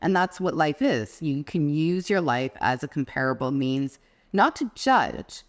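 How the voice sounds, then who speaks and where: A woman co-hosting a podcast, calmly explaining ideas in casual chat. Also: sits low, a little slow. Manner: reflective, explains ideas step by step. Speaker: podcast co-host.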